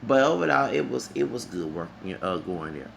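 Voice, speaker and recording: Guy with a really gravelly voice venting on a vlog, rambling, swears a lot. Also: on the low side, big pitch swings, fairly quick, slight background noise. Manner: heated, rambling, profane. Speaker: vlogger. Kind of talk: ranting concert review.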